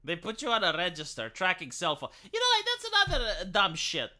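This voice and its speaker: A man's voice: high-pitched, wildly swooping pitch, fast, bright, forceful tone. A man, a live streamer rambling through an opinionated, sarcastic late-night rant, swearing casually as he goes.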